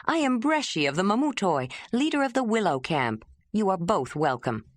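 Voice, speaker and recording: A woman voicing a brisk, commanding female camp leader in an audiobook. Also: mid-range voice, big pitch swings, no room sound.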